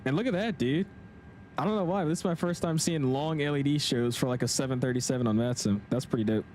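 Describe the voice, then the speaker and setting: A young man talks through his flight simulator stream in a relaxed, chatty way, calling out checklist items and greeting viewers by name. His voice is mid-pitched and easygoing. A faint hum sits behind him. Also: quick pace. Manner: laid-back, chatty, slangy, reads chat aloud. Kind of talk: casual live-stream commentary.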